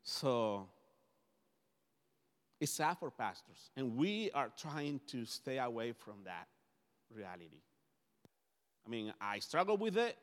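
A man whose first language is Spanish, preaching a conversational sermon as pastor, often restarting his phrases. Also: mid-range voice. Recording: long hall reverb.

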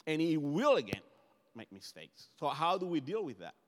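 A man's voice: fairly high pitch, sing-song, moderate pace. A man whose first language is Spanish, preaching a conversational sermon as pastor, often restarting his phrases. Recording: long hall reverb.

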